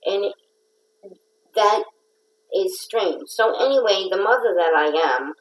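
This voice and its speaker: A woman's voice: medium pitch, expressive, takes it slowly, rough recording. A middle-aged woman hosting a casual livestream, telling a rambling, playful story. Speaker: host of a craft livestream.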